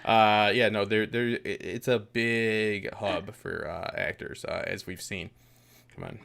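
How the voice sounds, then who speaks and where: An American man with a bright, forward voice chats on a video call. He jokes, swears freely and puts on mock outrage at the others. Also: fairly low pitch, steady tone, a little slow, gravelly. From United States. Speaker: podcast producer and panelist. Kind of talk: casual group chat.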